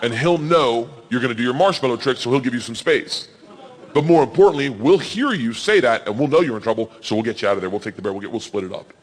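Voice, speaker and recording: A man in his forties doing stand-up storytelling, loud and animated, yelling the quoted lines. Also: mid-range voice, fast, big-room sound. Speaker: stand-up comedian. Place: comedy stage.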